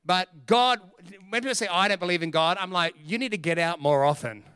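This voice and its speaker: A middle-aged man, preaching a sermon as pastor in an energetic, joking, emphatic way. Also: high-pitched, brisk, clear, resonant tone.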